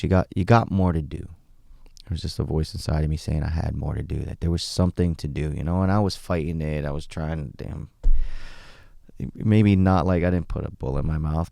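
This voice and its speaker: Low gravelly man, blunt and candid. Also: a little fast, dry recording, clean studio sound. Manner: blunt, swears freely, animated retellings. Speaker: podcast guest. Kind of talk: candid conversational storytelling.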